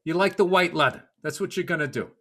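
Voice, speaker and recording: A man's voice: fairly high pitch, fast, a bit bright. A man in his fifties co-hosting a podcast in casual chat, blunt, rambling and joking, with plenty of swearing. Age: 50s. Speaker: podcast co-host.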